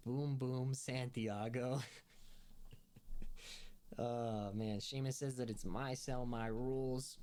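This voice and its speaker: A man's voice: medium pitch, darkish tone. A man hosting a film review podcast, recapping episodes in a rambling, casual way full of fillers and restarts, laughing as he retells scenes.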